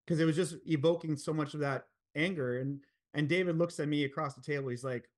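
A man in his forties appears as a podcast guest, telling his story frankly and earnestly, swearing freely and leaning on lots of fillers. His voice is a little high with fairly even intonation, and he talks briskly with hardly any pauses.

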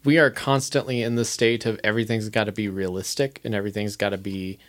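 A man's voice: fairly low pitch, steady tone, quick pace. Rambling man thinking aloud in chat. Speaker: podcast co-host. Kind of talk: casual chat.

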